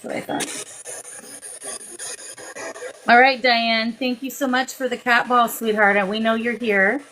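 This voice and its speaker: A woman's voice: on the high side, flat delivery, a little slow, sharp tone, slight background noise, poor audio. A woman hosting a live-stream psychic session as a medium, calling spirits with endearments and speaking into a phone. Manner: coaxing, affectionate, talks to spirits with endearments.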